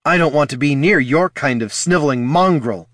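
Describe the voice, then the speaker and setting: A man's voice: medium pitch, lively intonation, normal speed, a bit bright, dry recording, studio quality, voice pushed up. A man voicing a proud, angry young female sun mage, talking in a cold, clipped, scornful way.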